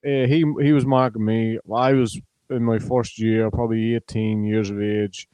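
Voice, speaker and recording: An Irish man with a low, mellow voice gives his take as a sports pundit, keeping his pitch steady and even. He talks in a measured way, pausing with ums, and the sound is dry and close. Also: smooth, no echo, low-quality recording. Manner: measured, hesitant with frequent ums. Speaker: pundit, former player and college coach. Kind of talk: casual sports chat.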